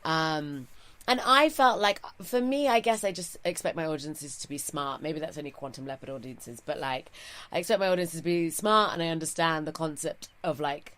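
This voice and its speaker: A woman's voice: low voice, normal speed, fairly bright tone. A woman in her thirties with a posh English RP accent, a comedian doing stand-up and then chatting in an interview with a wry, self-mocking manner. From England. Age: 30s. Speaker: comedian, guest. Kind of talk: stand-up set, then casual interview chat.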